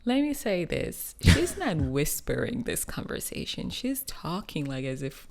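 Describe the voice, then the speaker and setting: A woman co-hosting a podcast, chatting casually and telling a lively story, acting out the people in it. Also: extremely low pitch, measured pace, gravelly. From living abroad in Taiwan. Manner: animated storyteller, acts out voices in quotes. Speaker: podcast co-host.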